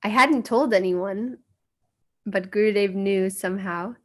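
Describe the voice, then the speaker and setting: This American woman's mid-range voice moves a little slowly as she tells personal stories as a guest speaker. Earnest in tone, she performs the voices of those she quotes while sharing memories.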